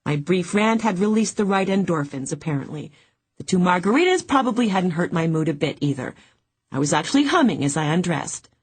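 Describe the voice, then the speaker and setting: A woman narrating a first-person audiobook in a steady, even reading. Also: lowish voice, a little fast, husky.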